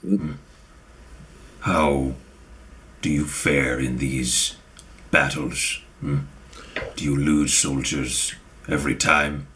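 A man voicing a solemn tortle warrior in a tabletop game, speaking slowly and humming as he muses. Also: extremely low pitch, steady tone, a bit bright, a little hiss or hum, exaggerated voice. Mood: ponderous. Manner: slow, pausing, with musing hums. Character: slow, deep-voiced tortle warrior, male, solemn.

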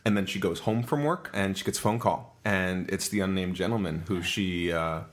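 A man's voice: low-pitched, moderate pace. Man retelling a story playfully. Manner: playful storyteller who acts out quotes. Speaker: podcast co-host. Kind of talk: casual chat, retelling a story.

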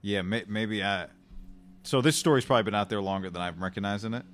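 A man co-hosting a casual sports podcast, easygoing and halting, often stopping to correct himself mid-sentence. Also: fairly low pitch, a little hiss or hum.

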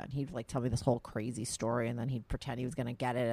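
A woman's voice: very deep voice, very fast, few pauses, mellow, dry recording. A woman in her thirties hosting a podcast, telling candid, rambling stories full of "like" in casual chat. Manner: candid, rambling storytelling with lots of "like". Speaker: podcast host.

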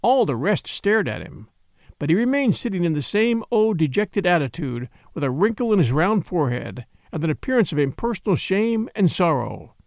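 A man narrating a mystery story in a measured, expressive audiobook reading. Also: sits high, no echo, studio quality.

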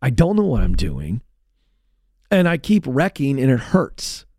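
A man's voice: mid-range voice, huge pitch swings, measured pace, a little mellow, no room sound, studio quality, exaggerated voice. A man doing a hesitant, mumbling little boy. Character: discouraged young boy learning to ride a bike.

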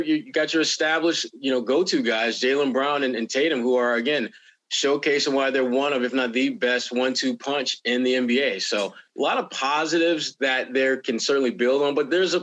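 A man co-hosting a sports podcast, talking in an animated, rambling way with many restarts. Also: medium pitch. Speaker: podcast co-host.

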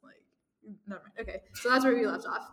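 A young woman co-hosting a casual podcast, giggling and reading her own fan fiction aloud quickly. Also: a little high, fairly bright tone. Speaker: podcast co-host. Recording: echoey room with long reverb.

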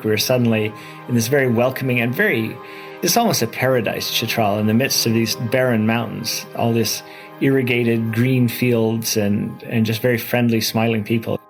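A man telling travel stories in a relaxed interview manner, enthusiastic and repeating words as he goes. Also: mid-range voice. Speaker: adventurer recounting his trip. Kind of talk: casual interview storytelling.

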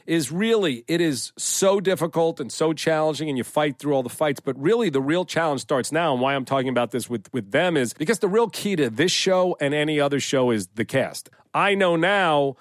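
A man's voice: fairly high pitch, lively intonation, moderate pace, hardly any pauses, dry recording. A middle-aged man co-hosting a podcast, talking earnestly and at length in casual chat, often restarting his sentences. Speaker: podcast co-host, series creator.

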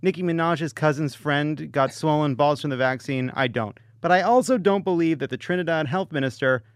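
Joking man with a fairly high voice. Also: fairly quick, no room sound, clean studio sound. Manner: joking, animated storytelling with punchlines. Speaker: podcast host. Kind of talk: comedic podcast banter.

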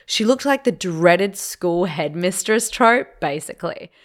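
A slightly hungover woman co-hosting a casual podcast, telling stories in a chatty, animated way. Her voice sits a little low, and she reads listener tales aloud between laughs. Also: measured pace. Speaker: podcast co-host.

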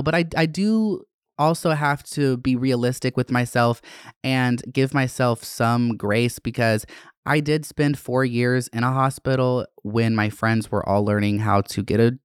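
A man's voice: mid-range voice, clean tone, no echo, studio quality. A man in his twenties talking candidly in a personal vlog, rambling and swearing freely. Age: 20s. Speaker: vlogger.

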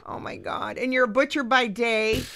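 A middle-aged woman hosts a comedy talk show from a radio studio. Her voice is bright and ringing, and her manner is playful and gushing. She chats casually with her guests. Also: on the high side, fairly even intonation, normal speed, slight background noise. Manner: gushing and playful, laughs easily.

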